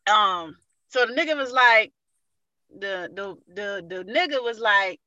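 Bright-voiced woman telling a story. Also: mid-range voice, unhurried, no echo, highs cut off. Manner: profane, laughing, animated retelling. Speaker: podcast co-host. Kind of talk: casual chat, storytelling.

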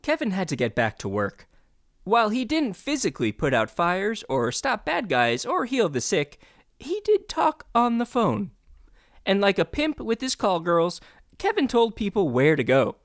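A man's voice: high voice, big pitch swings, a little slow. A man asking earnest, leading interview questions and narrating in a mock-serious tone with dry humor.

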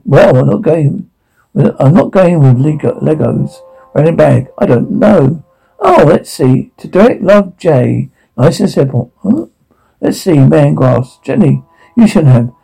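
A man playing a gravelly, mocking captor guard. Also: fairly high pitch, mellow, exaggerated voice, rough recording. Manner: taunting, mocking, veers into rage. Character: menacing obsessive male security guard captor. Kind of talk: dark audio drama reading.

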